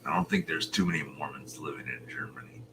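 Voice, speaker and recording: A man in his sixties from Utah, a show host chatting casually with viewers, rambling and muttering soft half-whispered asides. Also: very deep voice, quick pace, background noise. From Utah, USA. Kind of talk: casual livestream chat.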